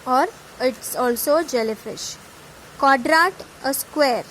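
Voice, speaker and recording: A woman's voice: sits high, slow pace, a bit bright, a little hiss or hum, poor audio. A woman with an Indian English accent, teaching German by reading each word aloud and then giving its English meaning. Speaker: German tutor. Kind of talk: reading vocabulary with translations.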